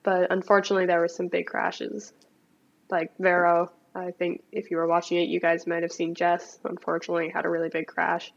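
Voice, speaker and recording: A young woman, a bike racer, chatting in a relaxed interview with lots of likes and ums over dull remote call audio. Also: fairly low pitch, fairly quick, gravelly. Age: young adult. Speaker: mountain bike racer, guest. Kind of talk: casual interview chat.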